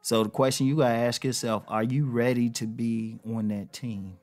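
A man's voice: medium pitch, steady tone, normal speed, a little mellow, faint music behind. Blunt preachy man giving advice. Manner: blunt, preachy, repeats key phrases for emphasis; informal slang-heavy delivery. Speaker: relationship advice host. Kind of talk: casual direct-to-camera monologue.

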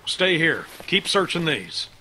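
Gruff, bright-voiced frontier uncle. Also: male voice, a little high, sing-song, measured pace, slight background noise, full character voice, rough recording. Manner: stern, blunt, commanding. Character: gruff grizzled uncle leading survivors. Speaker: video game character. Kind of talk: game dialogue.

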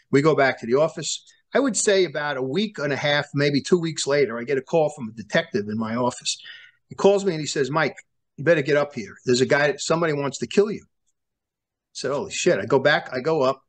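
An animated New man with a slightly high voice tells stories as a guest in a sit-down interview. A former prosecutor, he acts out quoted dialogue and restarts many times.

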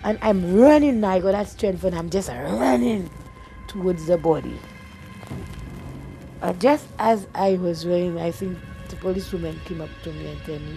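A grieving Saint Lucian woman recounts a loss in creole-inflected English. Her voice is gravelly and sits low. Music plays beneath the interview. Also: measured pace. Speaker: widow interviewee. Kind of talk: emotional testimony.

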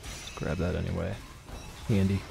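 A man's voice: low voice, level tone, normal speed, over music. A man thinking aloud and muttering casual commentary while he plays a video game, swearing at setbacks. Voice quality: gravelly. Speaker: gameplay streamer.

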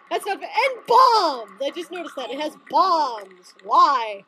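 A young woman commentating her own gameplay at home, melodramatic and whiny, often yelling in frustration. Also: sits high, big pitch swings, unhurried, hardly any pauses, a little hiss or hum. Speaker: let's play gamer.

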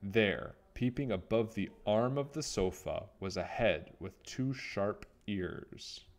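A man reads a children's picture book aloud in a low voice, taking his time over every line. His delivery rises and falls freely, full of expression for young listeners. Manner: expressive, unhurried storytelling. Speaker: children's story reader.

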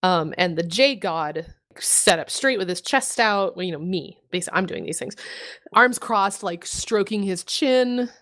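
A woman's voice: mid-range voice, expressive, measured pace, a bit bright. Laughing, casual woman podcast co-host. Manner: laughs often, swears casually, self-mocking. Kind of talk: casual chat about tabletop games.

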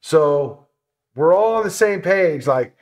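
A man telling a travel story in a casual sit-down interview, animated and swearing, acting out what people said. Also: fairly high pitch, slow pace. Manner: animated, swearing, acts out quotes. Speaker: motorcycle traveler telling his trip.

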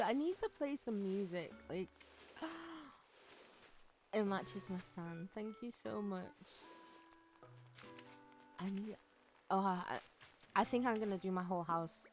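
In an unhurried, mid-range voice that pauses often, a woman talks casually on her gaming livestream. Faint game music plays behind her as she gushes thanks, bubbly and full of gasps and giggles.

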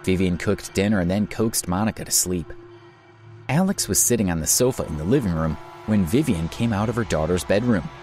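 Low-voiced male drama narrator. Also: a little fast, a little mellow, faint music behind. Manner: dramatic storytelling. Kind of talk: scripted audio drama narration.

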